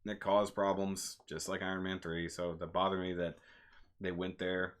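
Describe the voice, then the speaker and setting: Chatty man with a low voice. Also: moderate pace. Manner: animated, rambling, laughs at himself. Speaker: movie reviewer, channel host. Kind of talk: casual live-stream chat. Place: home live stream.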